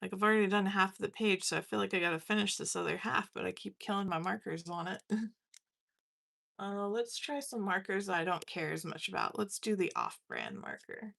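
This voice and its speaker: Bright, gravelly-voiced chatty woman. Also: mid-range voice, very animated, fairly quick. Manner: chatty, laughing, self-mocking. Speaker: watercolor artist streaming live. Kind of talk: casual chat while painting.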